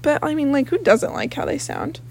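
Chatty young woman with a raspy voice. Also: high-pitched, fairly quick, darkish tone. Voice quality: gravelly, raspy. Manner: rambling, chatty, swears freely. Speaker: podcast host. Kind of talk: casual solo podcast chat. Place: home office with a kitten on her lap.

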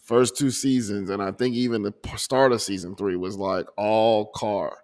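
A man's voice: fairly low pitch, steady tone, normal speed, darkish tone. A man hosting his own podcast, talking earnestly and emotionally about his month, often restarting his sentences. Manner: earnest, emotional, many restarts and repeated words. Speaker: podcast host. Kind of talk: reflective personal audio journal. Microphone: desk microphone.

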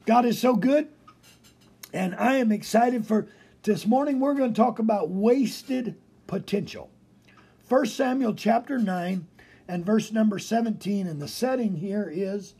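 A man preaching a broadcast sermon as pastor, animated, repeating phrases for emphasis. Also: sits high, gravelly, breathy edge.

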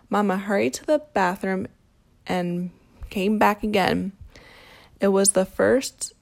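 A woman's voice: medium pitch, steady tone, takes it slowly, creaky. Woman reading a picture book aloud. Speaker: storybook reader.

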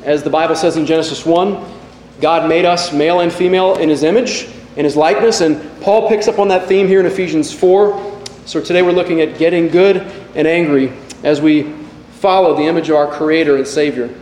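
A man in his forties preaches from the pulpit, telling earnest and self-deprecating stories in a raised, high voice. The sound is roomy, with a long reverb tail from a large church hall. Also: steady tone, a little fast, a little mellow, a little hiss or hum. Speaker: pastor. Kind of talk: sermon.

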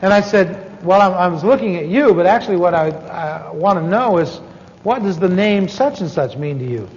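A man's voice: sits high, animated, moderate pace. A man telling a story in a sermon, folksy and self-deprecating, with many asides and restarts. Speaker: preacher teaching on evangelism. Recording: dull sound with long hall reverb.

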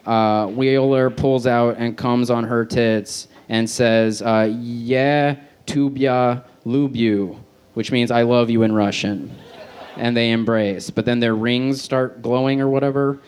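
A man's voice: mid-range voice, takes it slowly, smooth. Man reading crude fan fiction on stage. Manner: deadpan reading with self-aware asides and laughs. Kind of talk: live stand-up reading. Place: outdoor festival stage.

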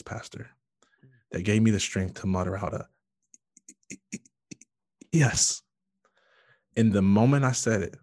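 A man's voice: lowish voice, darkish tone, husky, dry recording, studio quality. Earnest man telling a personal story. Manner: earnest, emotional storytelling with many fillers and restarts. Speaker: guest sharing his testimony. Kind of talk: personal testimony in conversation.

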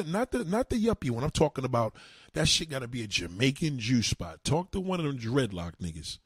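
Husky guy ranting on his show, voice jumps all over, real dry sound. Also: mid-range voice, dry recording. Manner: animated, profane, repeats himself. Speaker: show host. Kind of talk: crude monologue.

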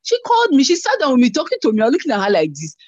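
A woman giving a church testimony over an online call, telling her story in an animated way and acting out the voices she quotes. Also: high-pitched, very fast, no room sound. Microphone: online call mic. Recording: dull lo-fi online call audio.

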